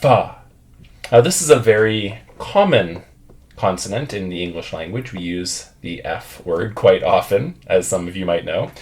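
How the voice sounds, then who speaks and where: A man's voice: low voice, animated, normal speed, darkish tone. A man teaching English pronunciation, patiently drilling words and having learners repeat after him.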